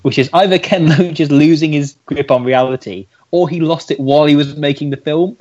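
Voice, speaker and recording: A man's voice: fairly high pitch, a little fast, darkish tone, highs cut off. Sarcastic man on a podcast. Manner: joking, sarcastic. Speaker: podcast co-host. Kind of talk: casual banter.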